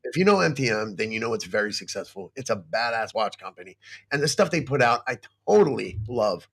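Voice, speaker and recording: A man's voice: fairly low pitch, very animated, a little fast, vocal fry, fairly bright tone. A man on a livestream talking in an emotional, agitated way, cursing constantly and swinging between boasting and distress. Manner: boastful, then distressed and pleading. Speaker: guest on a livestream. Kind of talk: emotional casual chat.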